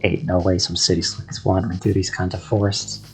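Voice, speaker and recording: A man's voice: deep voice, level tone, brisk, vocal fry. A man voicing a suspicious, gun-toting rural man with a Texan drawl, speaking in threatening folksy talk.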